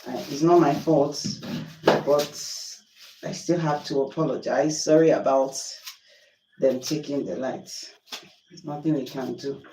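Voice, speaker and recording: A woman's voice: extremely low pitch, unhurried, echoey room, far from the mic, noisy background. A Nigerian woman chatting on a livestream while cooking at home, exasperated and apologetic. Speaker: livestream host. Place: home kitchen.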